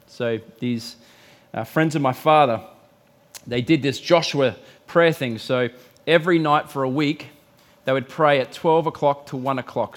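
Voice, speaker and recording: A middle-aged man preaching a sermon, telling stories and acting out quotes with big swings in pitch and volume. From Australia. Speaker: pastor.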